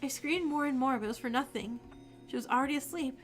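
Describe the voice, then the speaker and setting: A woman reads game dialogue aloud, narrating an anxious young hero who pleads earnestly and worries about a friend. Her voice is fairly high and a bit bright, close to natural speech, and she talks fast over faint background music.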